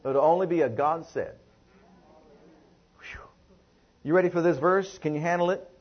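A man's voice: a little high, normal speed, husky. A man preaching a sermon to a congregation, leading call-and-response and stretching out emphatic phrases. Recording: muffled lo-fi sermon recording.

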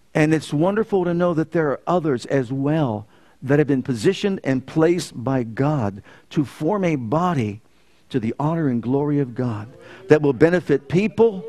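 A man preaching a sermon as pastor, telling a story with swings from loud emphasis to quiet. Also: medium pitch. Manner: storytelling preacher, rising loud and emphatic then dropping soft. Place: church.

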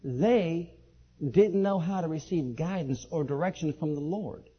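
A man preaching a sermon and telling his own testimony, leaping from high excited outbursts to low quiet asides. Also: a little slow, slightly rough. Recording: dull lo-fi sermon recording.

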